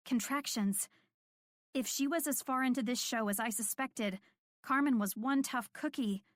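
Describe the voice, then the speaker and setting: A woman reading a first-person audiobook in a calm, measured, clear voice. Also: fairly high pitch, no echo, clean studio sound. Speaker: audiobook narrator.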